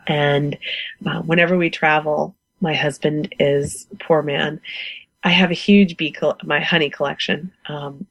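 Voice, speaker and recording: A woman's voice: low-pitched, no echo, low-quality recording. A woman in her forties from the United States, a guest beekeeper chatting in an interview, enthusiastic and laughing often. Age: 40s. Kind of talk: casual interview chat.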